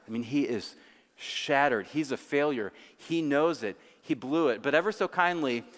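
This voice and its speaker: A male pastor delivering a sermon, slowing down dramatically to stress key words. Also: mid-range voice. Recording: long hall reverb.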